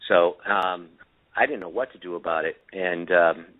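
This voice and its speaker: A man with a very low, deep voice tells a story on a call-in show. He rambles with lots of ums and restarts. It comes through a thin, tinny phone line. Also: normal speed. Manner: rambling, many fillers and restarts. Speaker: guest inventor of camera glasses.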